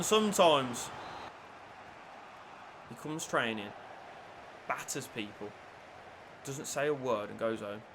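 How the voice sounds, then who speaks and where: A man commentating on his own football video game play, shifting between low muttering and shouted excitement. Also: a little hiss or hum. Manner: lively, swings from low mutters to shouted celebrations. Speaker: gaming YouTuber.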